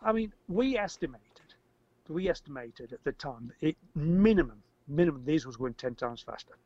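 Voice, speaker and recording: An older man tells a story as an interview guest, rambling, repeating words and getting animated when he acts out shouting. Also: on the high side, moderate pace, dry recording. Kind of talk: casual storytelling. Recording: dry, slightly muffled audio.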